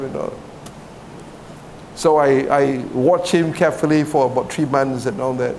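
Chatty Singaporean preacher with a higher voice. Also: male voice, moderate pace, darkish tone, slight background noise. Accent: Singaporean English. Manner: conversational, often asks "right?", laughs between points. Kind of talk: sermon.

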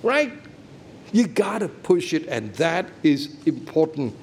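Middle-aged male preacher, high voice, emphatic, checks in with congregation. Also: sing-song, slow, vocal fry, a little hiss or hum. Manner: emphatic, asks listeners questions often. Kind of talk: sermon.

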